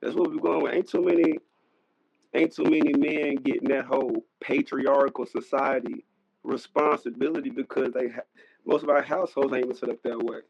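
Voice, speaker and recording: A man's voice: medium pitch, fairly even intonation, a little fast, vocal fry, darkish tone, husky, no room sound. A man in his thirties talking bluntly in casual slang during a podcast debate, often repeating himself for emphasis. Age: 30s. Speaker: podcast co-host. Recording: lo-fi dry recording.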